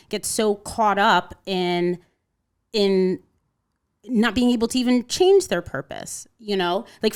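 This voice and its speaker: A woman's voice: mid-range voice, clean tone. A woman in her thirties from Connecticut, a podcast guest telling a personal story in casual conversation and acting out the voices of people in it. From Connecticut, USA. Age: 30s.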